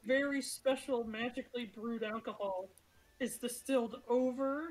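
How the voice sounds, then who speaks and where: Woman game master, fairly high voice, chatty and giggly narration full of fillers. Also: normal speed, crowd noise, poor audio. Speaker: dungeon master.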